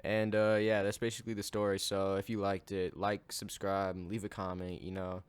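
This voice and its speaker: A man telling an absurd story in a casual storytime monologue, deadpan and matter-of-fact. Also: deep voice, moderate pace, clean tone, no echo.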